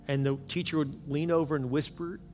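A man preaching a sermon as pastor, telling a story earnestly and often dropping into soft, hushed passages. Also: a little high, steady tone, a little fast. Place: church sanctuary with several campuses. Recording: long reverb of a large hall with music behind.

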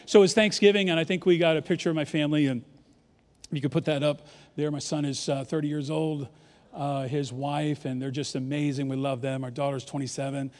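Brief: man in his fifties from New York, lively joking pastor, higher voice, long church reverb. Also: brisk. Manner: animated, joking, leads the crowd in call-and-response. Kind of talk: sermon. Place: large church auditorium.

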